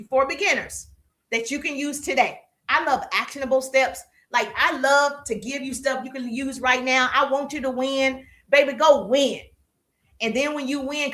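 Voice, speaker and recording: High-pitched woman coaching sales on a live, keeps repeating stuff and asking the chat questions. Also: a bit bright. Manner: emphatic, repeats key lines, asks the audience questions.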